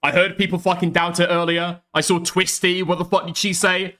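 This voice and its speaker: A young man with a softened northern English accent, reacting to a video in brash, sweary, animated commentary. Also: sits high, fairly quick, hardly any pauses. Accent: Northern English, softened by the South. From Northern England. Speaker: streamer. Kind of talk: casual commentary over a video.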